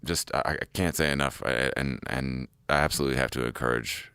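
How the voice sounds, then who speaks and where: A man with an extremely deep, gravelly voice hosts a casual podcast chat, sounding hungover. He talks in a laid-back way, swearing freely. His voice is smooth and dry. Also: fairly even intonation, brisk, sharp tone, dry recording. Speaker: podcast host.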